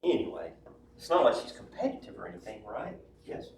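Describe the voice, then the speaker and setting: A chatty male lecturer who keeps checking in with "right?" and "yes?" as he teaches. His voice sits at an ordinary middle pitch and is caught from across a roomy classroom, with a faint hum of room noise behind him. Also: sing-song, brisk, creaky, far from the mic. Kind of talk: classroom lecture with personal anecdotes.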